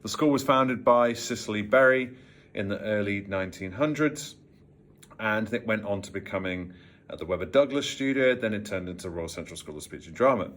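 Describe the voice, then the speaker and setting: A British man with a very low voice and a neutral, trained accent, explaining voice work in a measured, carefully articulated way. He sounds a little tired, with a touch of vocal fry in his delivery. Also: fairly bright tone. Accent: trained neutral British English. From Worcestershire, England. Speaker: voice coach. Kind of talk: talking-head vocal lesson.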